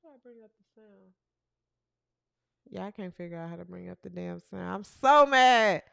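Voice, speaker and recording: A woman's voice: lowish voice, brisk, creaky. A woman hosting a casual livestream podcast, chatting with her live chat and reading out team rosters. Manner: chatty, animated, talks to the live chat and fumbles with her setup. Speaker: podcast host. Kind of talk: casual livestream chat about women's basketball.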